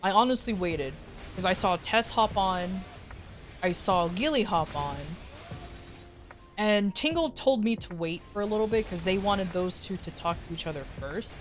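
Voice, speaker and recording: Animated woman streamer telling a story. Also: mid-range voice, normal speed, soft background music. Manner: animated, profane, acts out quotes. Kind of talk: casual storytelling chat.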